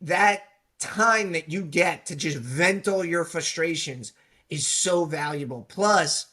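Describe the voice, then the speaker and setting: A man's voice: fairly high pitch, slow, sharp tone. A man guest on an interview show, a police union leader, speaking earnestly and reflectively in casual conversation.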